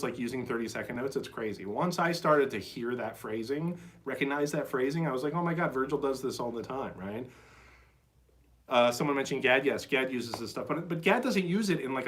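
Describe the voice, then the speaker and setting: A man giving a casual, enthusiastic drum lesson on a live stream, peppering his talk with "like" and "right?" and scatting rhythms aloud. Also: mid-range voice. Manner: chatty, enthusiastic, full of "like" and "right?"; scats rhythms aloud with syllables. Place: drum shed. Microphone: phone.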